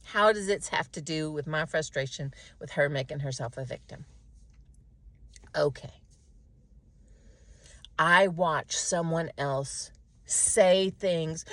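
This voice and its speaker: A middle-aged woman in a casual self-reflective monologue, animated and talking to herself. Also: sits low, takes it slowly, pauses often, no room sound. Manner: animated, talks to herself, mimics others' voices. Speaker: vlogger.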